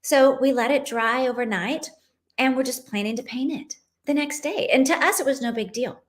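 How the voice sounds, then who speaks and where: A woman's voice: high-pitched, normal speed. A woman in her late thirties, a podcast host and mother, telling a personal story in a heartfelt, conversational way. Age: late 30s. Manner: heartfelt, conversational, many "you know"s.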